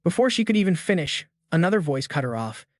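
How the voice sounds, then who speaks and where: A man's voice: fairly high pitch, big pitch swings, fast, no echo, clean studio sound. A man narrating a story recap in a chatty, slangy way, with playful asides to viewers.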